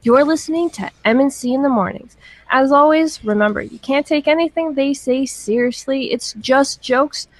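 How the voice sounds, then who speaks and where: A man's voice: very high voice, normal speed, slight background noise, voice pushed up. A man voicing a prim female announcer reading a mock radio disclaimer. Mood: announcing.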